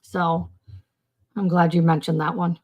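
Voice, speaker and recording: The audio is dull as a woman with a lowish voice hosts a casual mental health stream, unhurried and flat in delivery. She rambles, restarts sentences and leans on "you know" and "um" while responding to comments.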